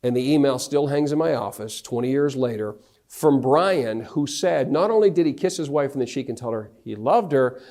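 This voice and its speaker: A man's voice: mid-range voice, moderate pace. A middle-aged man from North Carolina, a motivational speaker telling a story on stage and acting out the dialogue. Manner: animated, acts out the dialogue of his anecdotes. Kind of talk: storytelling keynote talk.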